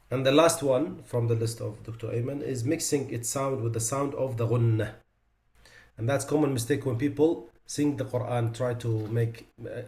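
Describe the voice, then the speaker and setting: A man teaching a tajweed lesson, his voice sitting at an ordinary middle pitch. He explains each mistake in plain speech, then stretches out example words slowly and with emphasis to show the difference. The room around him is echoey and reverberant. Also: warm tone. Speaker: Quran recitation teacher.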